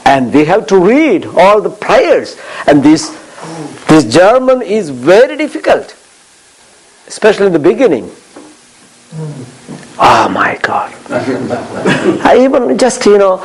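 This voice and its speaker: A man's voice: sits high, low-quality recording. A man with an Indian accent, a priest chatting casually and telling stories with chuckles and many restarts. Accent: Indian English. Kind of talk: casual chat.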